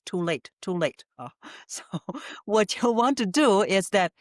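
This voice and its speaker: A woman's voice: medium pitch, lively intonation, a little slow, no echo. Woman voice coach, hesitant explainer, dry sound. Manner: frequent "uh" fillers, laughs lightly, demonstrates emphasis. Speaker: voice coach guest. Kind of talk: interview answers, explanatory.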